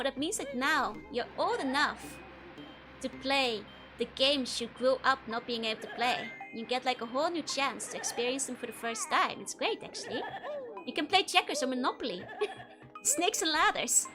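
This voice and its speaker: A woman's voice: high-pitched, animated, normal speed. A young woman with a Dutch accent, a native Dutch speaker, chatting and giggling through casual gameplay commentary as a streamer and answering her chat. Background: game music.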